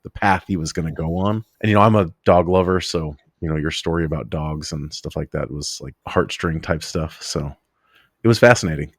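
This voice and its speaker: A man's voice: extremely low pitch, brisk, slightly rough, dry recording, studio quality. A man co-hosting a podcast, chatting casually and enthusiastically, filling his talk with "like" and "you know". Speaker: podcast co-host.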